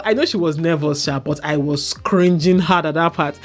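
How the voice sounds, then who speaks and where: A woman with a Nigerian accent, hosting a casual commentary show in an animated, opinionated way and often checking in with "okay?". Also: lowish voice, normal speed, hardly any pauses, faint music behind. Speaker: show host.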